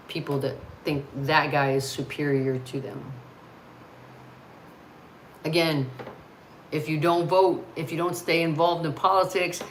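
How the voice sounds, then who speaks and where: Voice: medium pitch, fairly bright tone, slight background noise, rough recording. An American host talking casually and bluntly on a livestream, ranting with frequent swearing. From United States.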